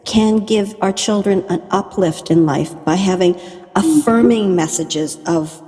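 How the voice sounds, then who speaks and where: A woman's voice: medium pitch, expressive, a little slow, dark tone, long reverb tail, faint music behind. A woman hosting a podcast, reflecting on her guest's words and summarizing them in an affirming way. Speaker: podcast host. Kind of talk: conversational podcast interview.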